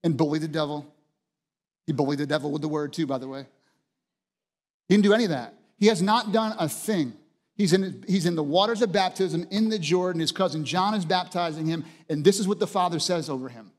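A man preaching with passionate emphasis, his voice sitting a little high for a man. He hammers points home with repeated phrases. A long reverb from the church hall trails each line. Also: a little fast. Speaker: pastor. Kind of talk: sermon.

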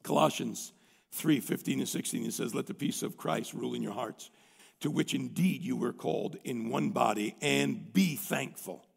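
A male pastor preaching a sermon in a conversational, folksy way, reading a story aloud and often clearing his throat. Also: mid-range voice, moderate pace, long reverb tail.

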